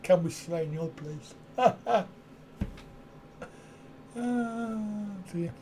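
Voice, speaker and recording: A man's voice: sits high, very slow, warm tone, slight background noise. A middle-aged man hosting a live stream, chatting casually in reply to viewer comments and often chuckling at his own wry, self-mocking asides. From United Kingdom.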